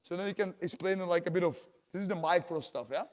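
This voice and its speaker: A man's voice: high voice, fast talker, big-room sound. A man teaching a jiu-jitsu class, a chatty coach who peppers his points with "yeah?" and acts out little exchanges with students. His first language is Dutch. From Belgium. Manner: talkative, tags lines with "yeah?", acts out quotes. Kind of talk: teaching a class, casual explanation.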